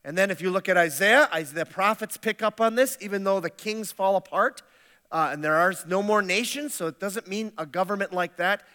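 A man's voice: sits high, a little fast, pushed and bright. A male pastor giving a sermon in a conversational, humorous way, often restarting his sentences. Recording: long hall reverb.

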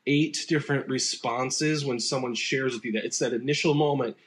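A pastor giving a relaxed, conversational sermon, speaking unscripted and acting out sample replies in quoted voices. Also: male voice, medium pitch, normal speed.

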